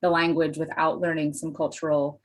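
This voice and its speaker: An enthusiastic woman from Pennsylvania tells stories as a podcast guest, full of self-deprecating asides. Her voice sits a little low for a woman. She talks like a lively teacher who loves her subject. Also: moderate pace. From Pennsylvania, USA. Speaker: guest, Spanish teacher and dairy farmer. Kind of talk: casual interview chat.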